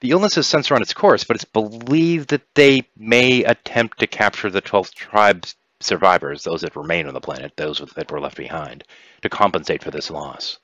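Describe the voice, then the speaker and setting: A man's voice: on the low side, moderate pace, fairly bright tone, dry recording, voice pushed up. Man playing an evasive alien envoy, hesitant and stammering, dull lo-fi sound.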